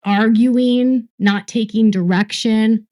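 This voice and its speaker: A woman in a played clip, giving gossip commentary and repeating words slowly for emphasis. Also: on the high side, steady tone, warm tone. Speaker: online commentator.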